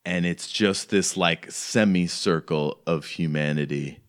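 A man with a low, deep voice narrates as game master in a tabletop role-playing session. He talks casually, rambling and leaning on "like" as he sets each scene. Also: a little slow. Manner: casual, rambling, heavy use of "like".

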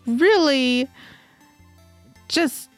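Woman player, high voice, slow, halting, dry sound, faint music. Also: animated, no room sound. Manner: hesitant, halting speech. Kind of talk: playing her character in a tabletop game.

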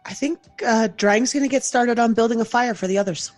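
A woman's voice: fairly high pitch, a little fast, darkish tone, faint music behind. A woman playing a tabletop game, declaring her character's actions in an easygoing way. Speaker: player. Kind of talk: casual tabletop play.

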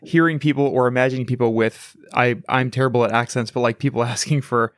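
Young man, hesitant musing chat, dry close sound, mid pitch. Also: fairly even intonation, fast talker, dry recording. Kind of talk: casual chat.

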